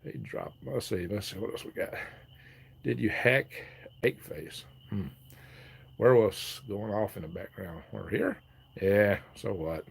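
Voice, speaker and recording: A man's voice: fairly low pitch, sing-song, slow pace, vocal fry, husky. A man hosting a casual live stream, reading viewer comments aloud, chatting and laughing often. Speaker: livestream host reading chat.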